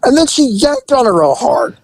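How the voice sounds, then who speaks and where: A man spins a story in a casual, laughing, profane way and breaks into other people's voices. His voice is gravelly and his pitch swoops widely. The sound is dry and close. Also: sing-song, normal speed, dry recording, low-quality recording. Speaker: storyteller recounting undercover work.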